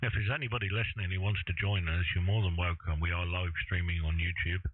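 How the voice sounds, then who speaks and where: A man's voice: sits low, little pitch movement, fast. A man chatting and joking over amateur radio, teasing his friends and calling them mate. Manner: jokey, teasing, calls everyone mate. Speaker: ham radio operator, co-host. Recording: narrow radio transmission with static hiss.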